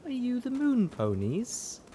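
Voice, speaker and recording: Guy doing a drugged dreamy mare, super slow drawn-out croon, quiet. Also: extremely high pitch, wildly swooping pitch, slight background noise, pitched above the performer's own voice, exaggerated voice.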